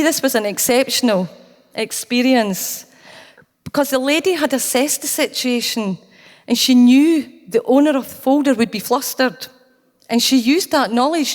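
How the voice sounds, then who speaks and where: Scottish woman telling a story in a reverberant hall. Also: sits high. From Scotland. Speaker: conference speaker. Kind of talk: storytelling keynote talk. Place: conference hall. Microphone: handheld or stage mic, cutting out.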